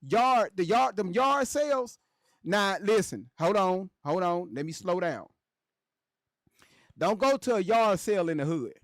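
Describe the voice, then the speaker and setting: Loud joking high-voiced man on stream. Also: measured pace, no room sound, clean studio sound. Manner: loud, joking, animated, repeats phrases. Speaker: livestream host reading chat. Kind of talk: casual livestream chat.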